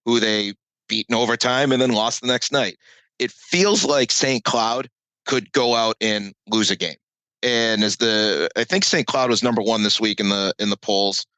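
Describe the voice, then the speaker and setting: A man's voice: on the low side, no room sound, rough recording. A man co-hosting a casual sports betting chat over a call, talking animatedly and cutting himself off. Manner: animated, self-interrupting, jokey. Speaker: podcast co-host, betting analyst. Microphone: remote call mic.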